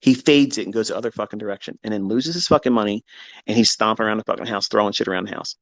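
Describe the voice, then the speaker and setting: A man, a trading educator, telling a candid personal story in a blunt, profane, animated way. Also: on the low side, very fast, dry recording, rough recording.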